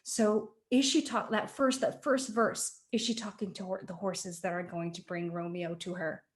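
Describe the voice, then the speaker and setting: A young adult woman, a guest actor, chatting in a webinar about her process, thoughtful and halting with many fillers and restarts, heard over a video call. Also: on the low side, steady tone. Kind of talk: casual webinar chat.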